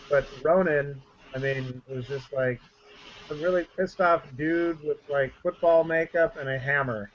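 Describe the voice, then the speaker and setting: A man's voice: medium pitch, a little hiss or hum. Man musing aloud on a podcast. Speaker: podcast co-host. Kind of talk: casual chat. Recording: dull lo-fi audio with faint ambience.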